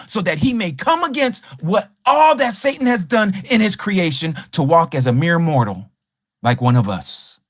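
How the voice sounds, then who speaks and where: A man leads a livestreamed scripture study in an emphatic, rhetorical way. He hammers his points with repeated questions, and his pitch swings widely. The sound is dry and close, with no room around it. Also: expressive, normal speed, no echo. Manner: combative toward a rival teacher. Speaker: Bible study teacher.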